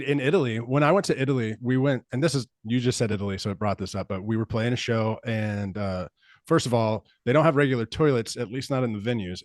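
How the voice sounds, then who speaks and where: A man's voice: medium pitch, dry recording, clean studio sound. A man hosting a casual podcast chat, telling loose, profane stories with laughs. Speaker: podcast host.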